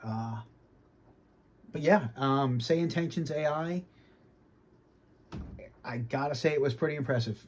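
A man from Boston with a faint Boston accent, giving an easygoing casual review from his home sim cockpit and often clearing his throat. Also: mid-range voice, measured pace, long pauses. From Boston, United States. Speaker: flight sim hobbyist.

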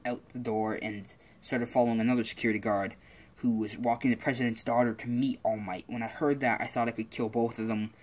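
A man voicing a wounded young male assassin who reports what happened in a flat, matter-of-fact way. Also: mid-range voice, natural voice.

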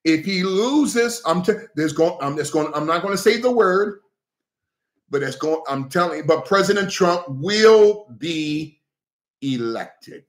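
A man hosting a heated political livestream, animated and breaking into shouts, thanking viewers for gifts. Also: fairly high pitch, measured pace. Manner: animated, breaks into shouts, repeats okay, coughs. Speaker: livestream host addressing viewers as pastors. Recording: echoey room.

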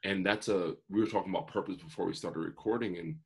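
As a guest in an interview, this forty-something motivational speaker relates his life in an earnest, colorful way and acts out what people said. He talks fast in a low voice that is slightly rough, with vocal fry.

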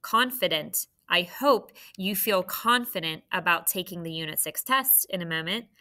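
A woman teaches a phonics lesson to third graders, patient and encouraging, speaking slowly and clearly. Her voice is fairly low with a sharp tone.

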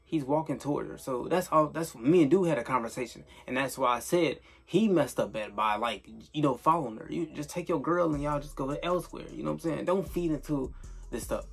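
A man's voice: a little high, brisk, creaky, breathy edge, soft background music. A young man telling a casual storytime vlog, rambling and swearing, with lots of filler tags. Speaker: storyteller vlogger.

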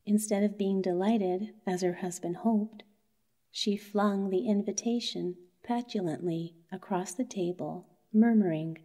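A woman narrating a bedtime story for adults in a soothing, soft manner. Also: mid-range voice, fairly even intonation, measured pace.

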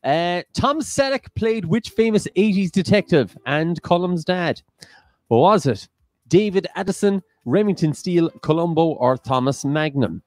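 A man's voice: high-pitched, animated, unhurried, dry recording. A man hosting an online quiz, reading out questions with jokey asides. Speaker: quiz host.

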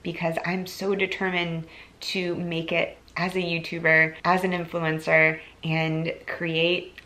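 A woman in her thirties talks straight to her camera in an earnest, heartfelt vlog, her voice getting teary now and then. Her tone is bright and a little low-pitched, with a gravelly edge of vocal fry. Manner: earnest, tearful, chatty with laughs. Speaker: YouTuber and influencer.

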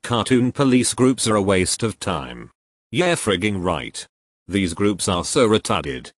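This is a text-to-speech engine voicing a man with a lowish register who reads joke error messages in a flat, machine-even way. The sound is close and completely dry, with no room around it. His delivery keeps a steady synthetic evenness throughout. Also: measured pace, no echo. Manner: flat, evenly paced computer voice.

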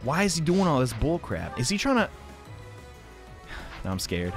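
A young man from the American South talks through a video game in a rambling, self-deprecating way, swinging his fairly high voice up and down. His tone is bright and sharp, with faint game music underneath. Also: big pitch swings, normal speed. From Southern United States. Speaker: let's play commentator. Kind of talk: casual gameplay commentary.

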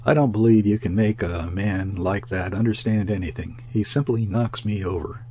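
Man voicing a young male ship's mate, exasperated, indignant, slightly low voice. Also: moderate pace, a little mellow, lightly acted. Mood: weary. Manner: indignant, bursting out.

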